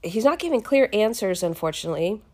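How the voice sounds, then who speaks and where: A woman casually retelling a Bible chapter in her own words, expressive and chatty, often restarting her sentences. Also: medium pitch, fast talker. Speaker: podcast host reading the Bible.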